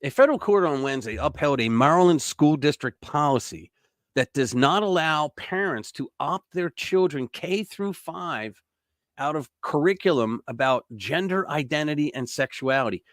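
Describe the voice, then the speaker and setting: A man hosting a casual news commentary show, reading stories aloud and breaking in with blunt, sarcastic remarks, swinging between loud outbursts and mumbled asides. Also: on the high side, animated, moderate pace, dry recording, clean studio sound. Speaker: political commentary host.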